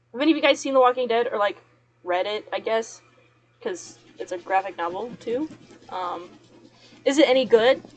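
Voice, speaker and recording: A young woman chatting casually to her viewers while she works, rambling and laughing often. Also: medium pitch. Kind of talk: casual chat while working.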